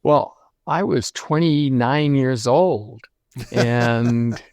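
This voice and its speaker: A man in his seventies, a guest in an interview, telling stories from his career in a reflective, unhurried way with many pauses and restarts. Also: medium pitch, a little mellow. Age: 70s. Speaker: lighting designer guest. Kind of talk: conversational interview storytelling.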